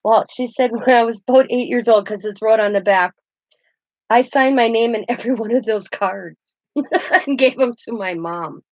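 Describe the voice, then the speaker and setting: A woman's voice: a little high, normal speed, darkish tone, no room sound, dull audio. A woman, hosting a casual craft vlog and telling rambling stories as she shows keepsakes. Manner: chatty, rambling storytelling with laughs. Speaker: craft channel host. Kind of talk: casual show-and-tell vlog.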